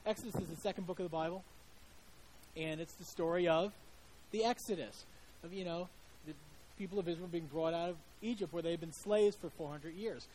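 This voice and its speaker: A man's voice: on the high side, fairly quick, a little mellow, slight background noise, rough recording. A male preacher giving a sermon in a conversational storytelling way, with frequent restarts.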